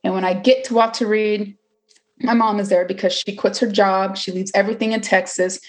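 A woman's voice: medium pitch, fairly even intonation, a little fast. Young woman telling her story candidly. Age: 20s. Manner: candid, chatty, full of fillers and acted-out quotes. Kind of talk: personal storytelling.

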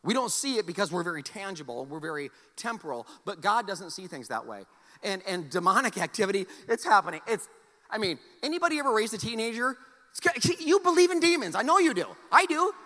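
A man's voice: sits high, very animated, quick pace, bright, forceful tone, in a large hall. A man preaching a sermon to a congregation. He talks in a conversational, joking way and often repeats words as he restarts his sentences. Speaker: pastor.

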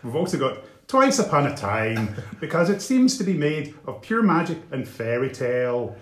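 A man's voice: medium pitch, fast, echoey room, lightly acted. A man putting on a Northern Irish accent to read out a friend's favourite episodes. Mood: playful.

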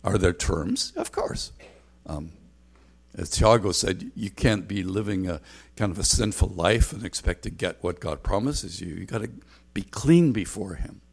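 Low-voiced man preaching a conversational sermon. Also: expressive, measured pace, gravelly, husky. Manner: earnest, conversational preaching with frequent restarts. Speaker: pastor.

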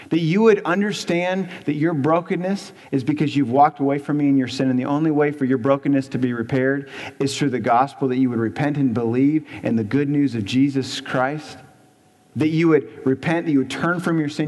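An earnest male pastor preaches in a church, his voice sitting a little high for a man. He presses his points with repetition and rhetorical questions. A long reverb from the hall trails after him. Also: moderate pace, a little mellow. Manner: earnest, emphatic, repeats for stress, rhetorical questions. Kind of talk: sermon.

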